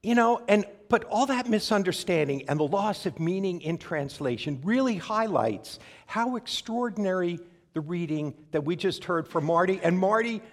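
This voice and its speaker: A man's voice: high-pitched, expressive, normal speed, few pauses. A man preaching a sermon, telling a funny travel story with wry, conversational asides. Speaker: pastor.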